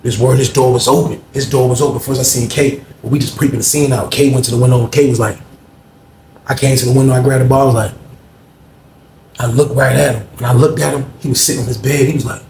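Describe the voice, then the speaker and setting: A man tells a rough, profane story with lots of drive, acting out each scene and filling gaps with hummed sound effects. His voice sits at an ordinary middle pitch. The recording has a roomy, echoing sound. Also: fairly even intonation, quick pace, darkish tone, slight background noise. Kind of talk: animated street storytelling. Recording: roomy echo.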